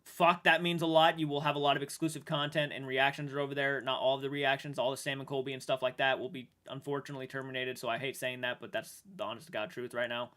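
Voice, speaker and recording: A man streaming live and chatting with viewers, emotional and halting, restarting sentences and swearing now and then while sounding shaken. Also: medium pitch, little pitch movement, a bit bright. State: shaken and upset. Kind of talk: livestream chat with viewers.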